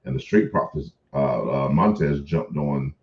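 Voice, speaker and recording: A man's voice: a bass voice, measured pace, a little mellow, roomy sound, dull audio. A man co-hosting a casual wrestling chat, blunt and swearing freely. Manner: blunt and profane. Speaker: podcast co-host.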